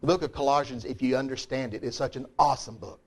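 A middle-aged man preaching a sermon in a folksy, emphatic way, swinging between loud declarations and quiet asides. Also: mid-range voice, fairly even intonation, quick pace.

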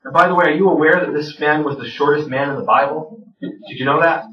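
A man's voice: on the high side, fast. A man giving a conversational lecture to a live audience, self-deprecating, with many fillers and restarts. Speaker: lecturer on biblical grammar. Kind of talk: classroom lecture with jokes. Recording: roomy, distant, dull lo-fi sound.

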